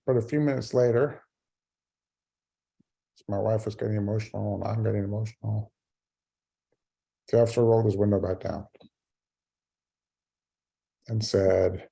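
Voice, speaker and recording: A man's voice: on the low side, steady tone, normal speed, vocal fry, long pauses, warm tone, husky. A middle-aged man giving a keynote speech on a video call, telling a personal story with wry, self-mocking humor. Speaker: keynote speaker.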